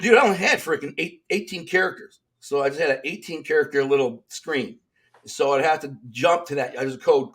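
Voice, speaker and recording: A middle-aged man with a Detroit accent, talking as a guest in a sit-down interview. He tells his stories in a casual, streetwise way, slipping into the voices of the people he quotes. His pitch sits in the middle range for a man. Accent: Detroit, Michigan. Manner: streetwise, animated, acts out quoted dialogue.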